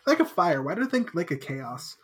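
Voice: medium pitch, fairly quick, slightly rough. A podcast co-host casually recapping a book chapter, acting out the characters' lines as she goes. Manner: animated, acts out characters' lines in quotes.

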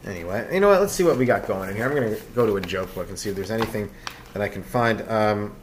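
A man's voice: on the low side, animated, fast talker, a little hiss or hum. A man from Canada hosting a solo comedy podcast, rambling loosely from one aside to the next with lots of fillers.

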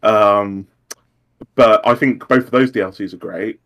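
A man's voice: on the low side, a little slow, a bit bright. A man on a podcast panel who starts with hesitant repeats, then talks through his opinions fluently. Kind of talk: casual chat.

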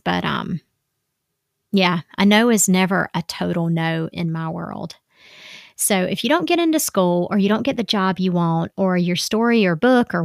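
A woman's voice: fairly low pitch, gravelly, dry recording, clean studio sound. A woman in her thirties, a mother giving advice in a casual, chatty monologue, acting out quoted dialogue. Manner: chatty, acts out quoted dialogue, many "like" fillers.

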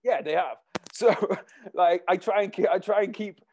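A man, an army veteran and writer, talking in a halting, rambling, profane way. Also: high-pitched, darkish tone, slight background noise. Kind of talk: casual conversation.

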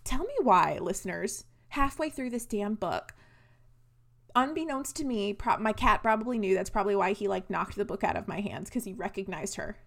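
A young woman co-hosting a casual book-club podcast who rants in an animated way and swears freely. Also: mid-range voice, moderate pace, gravelly. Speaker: podcast co-host.

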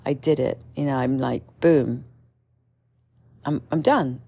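A woman's voice: takes it slowly, gravelly, mellow, husky. A woman telling a personal story in a candid, meandering way, full of fillers and restarts. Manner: mimics others with sudden shrill outbursts. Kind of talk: casual storytelling monologue.

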